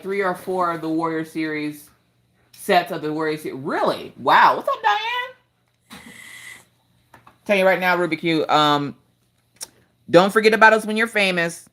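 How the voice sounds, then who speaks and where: A woman in her thirties hosting a craft livestream, telling animated family stories in casual chat. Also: a little slow, pauses often. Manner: animated storytelling, jumps to high squeals in quoted voices.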